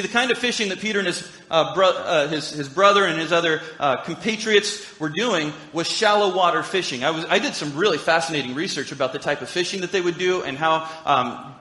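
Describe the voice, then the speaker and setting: A man's voice: on the high side, sharp tone. A man preaching a sermon in a conversational, storytelling way with humorous asides. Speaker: pastor. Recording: echoey hall reverb.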